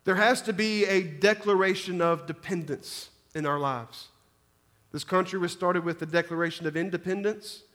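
A man's voice: high-pitched, moderate pace, fairly bright tone, in a large hall. A man, a pastor, preaching a sermon, often restarting and repeating words as he speaks. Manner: preaching with frequent restarts and repetitions.

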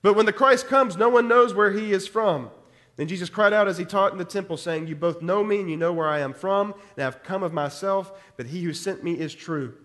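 Male pastor, high voice, passionate scripture reading and commentary. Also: brisk, a bit bright. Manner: reads verses aloud with rising intensity, adds commentary. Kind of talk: expository sermon reading scripture.

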